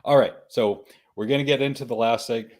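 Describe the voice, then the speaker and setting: A man's voice: mid-range voice, steady tone, a little fast, darkish tone. Man, podcast host, mid-range voice, joking, casual chat, laughs often.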